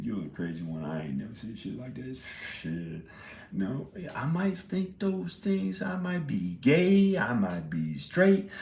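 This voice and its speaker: A man in his forties talks at a slow, unhurried pace in a fairly low voice, rambling from thought to thought. He breaks into laughter and swears freely as he goes. The sound is roomy, with the voice echoing off the walls. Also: fairly bright tone, a little hiss or hum. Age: 40s. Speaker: indie filmmaker. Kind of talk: rambling casual monologue. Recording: roomy echo.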